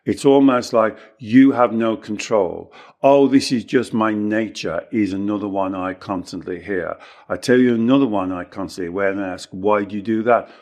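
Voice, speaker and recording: A man's voice: moderate pace, darkish tone. Emphatic male life coach teaching. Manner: emphatic, acts out clients' excuses in a higher voice; repeats key phrases for emphasis. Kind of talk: teaching talk in a podcast conversation.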